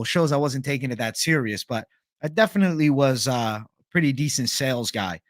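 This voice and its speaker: A man's voice: medium pitch, a little fast, dry recording, clean studio sound. A young man hosting a live stream, reading viewer comments in a laid-back, chatty, profane way. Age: young adult. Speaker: host.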